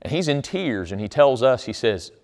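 A man's voice: mid-range voice, sing-song, normal speed, a little mellow. A man preaching a sermon, telling stories in an emphatic, conversational way. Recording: long hall reverb.

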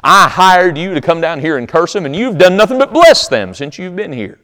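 A man voicing a stingy, angry king in a sermon story, gruff and blustering. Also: medium pitch, fast, natural voice. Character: angry, stingy middle-aged male king. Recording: long hall reverb.

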